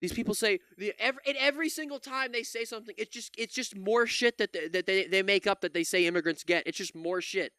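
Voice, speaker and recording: A man's voice: high-pitched, brisk, hardly any pauses, bright, forceful tone, clean tone, no echo, clean studio sound. A man hosting his own channel, reacting to a clip with profane, exasperated ranting. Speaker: commentary channel host. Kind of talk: angry reaction commentary.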